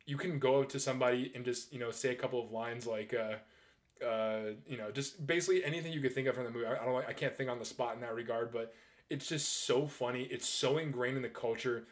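A man in his twenties talking casually and excitably, rambling through his thoughts with frequent restarts and casual swearing. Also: medium pitch, brisk. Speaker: movie reviewer. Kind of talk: casual ranking chat.

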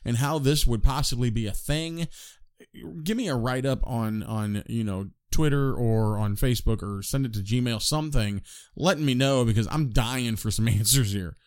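A man co-hosting a movie podcast, talking in a relaxed and wry way. His voice sits at a medium pitch, and he often turns to address the listeners. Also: normal speed, smooth. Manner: conversational, wry, asks listeners for input. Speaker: podcast co-host. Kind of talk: casual chat.

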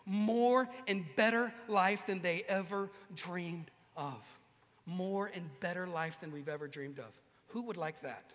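High-voiced man preaching in a hall. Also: a little slow. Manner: animated, joking, acts out quoted voices. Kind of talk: humorous sermon to a live audience. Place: large hall with an audience.

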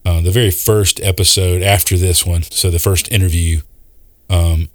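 A man's voice: low-pitched, steady tone, moderate pace, no room sound. A man co-hosting a podcast in casual chat, often chiming in to agree. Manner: warmly agreeing, lots of affirmations. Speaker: podcast co-host.

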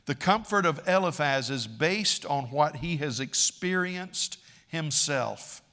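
A man's voice: a little high, animated, a little slow, sharp tone. A man preaching a sermon, dramatic and emphatic, acting out quoted speakers with a raised voice. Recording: long reverb of a large hall.

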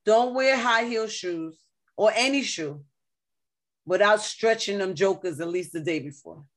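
A woman's voice: mid-range voice, measured pace. A woman, co-hosting a podcast and teasing her friend with laughing banter. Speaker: podcast co-host. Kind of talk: casual chat.

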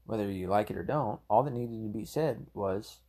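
A low-voiced man rants through his commentary, heated and rambling, cursing freely. His voice is gravelly and husky. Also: normal speed, dark tone. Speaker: political commentator. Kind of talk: ranting solo commentary.

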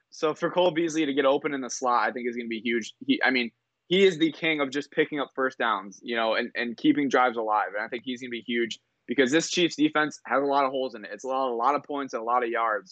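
A man rattles through game predictions at a brisk clip as a sports talk co-host. His voice sits in a middle range and sounds a bit dull and lo-fi. The room is dry, with no echo. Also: mid-range voice. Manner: fast, energetic analysis with quick asides. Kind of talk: sports talk show banter.

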